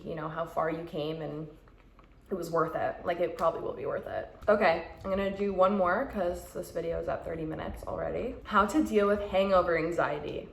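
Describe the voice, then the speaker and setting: A woman's voice: on the low side, creaky. A young woman vlogger giving frank, chatty advice and acting out quoted thoughts. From Canada. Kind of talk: casual advice chat. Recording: roomy echo.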